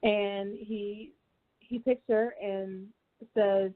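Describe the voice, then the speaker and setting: A woman's voice: mid-range voice, moderate pace. A young woman on a call-in show, talking earnestly with frequent hesitant restarts. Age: young adult. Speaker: guest. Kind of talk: casual call-in chat. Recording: tinny phone line.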